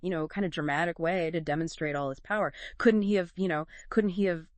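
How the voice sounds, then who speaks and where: A woman's voice: on the low side, fairly quick, no echo. A woman co-hosting a Bible discussion podcast, chatty and full of fillers and rhetorical questions. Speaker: podcast co-host.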